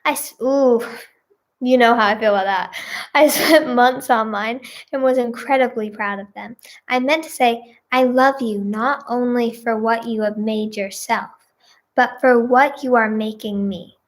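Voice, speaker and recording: Woman, higher voice, slow unhurried delivery, giggly exclamatory reactions, casual reading aloud. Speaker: singer and video creator.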